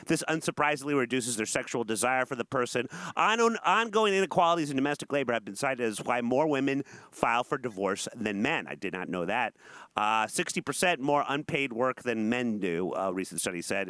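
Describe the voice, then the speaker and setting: A man's voice: medium pitch, brisk, no echo. A man co-hosting a morning talk show, joking wryly in casual chat and reading an article aloud. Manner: wry, joking, animated delivery.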